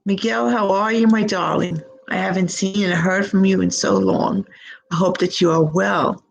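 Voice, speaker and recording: A woman giving live psychic tarot readings from home, gushing and affectionate with drawn-out words, speaking into a computer mic. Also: medium pitch, steady tone, creaky, lo-fi sound. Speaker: psychic reader.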